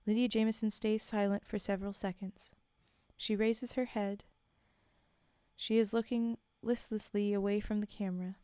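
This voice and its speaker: A woman streamer reads a horror story to her viewers in a relaxed, casual way. Her voice is warm and mellow, and she often stops to talk with her chat, sometimes in a near whisper. The sound is close and dry. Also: mid-range voice, normal speed, smooth, no echo. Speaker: streamer reading stories. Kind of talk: casual read-aloud storytelling.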